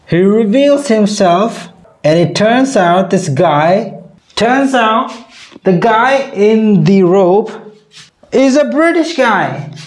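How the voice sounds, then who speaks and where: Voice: medium pitch, darkish tone, reverberant. A comedy video creator giving a mock lecture in a teasing, mock-condescending manner.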